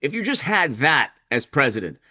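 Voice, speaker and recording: Male political commentator, lively and sarcastic, dull lo-fi audio. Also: on the high side, moderate pace. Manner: animated, sarcastic, mocks opponents in put-on voices. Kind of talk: opinion commentary monologue.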